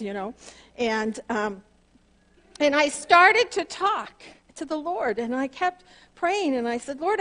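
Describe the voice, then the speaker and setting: A woman pastor, preaching earnestly through a personal story, her voice leaping up on key words. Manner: earnest and animated, pitch leaps up on emphasis. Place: church sanctuary.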